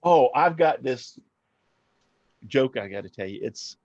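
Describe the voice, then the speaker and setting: A man's voice: mid-range voice, lively intonation, a little slow, a little mellow, dry recording. Folksy older man telling jokes. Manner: folksy, chuckling storyteller. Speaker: host. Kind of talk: casual livestream chat and joke telling. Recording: dull, dry lo-fi stream audio.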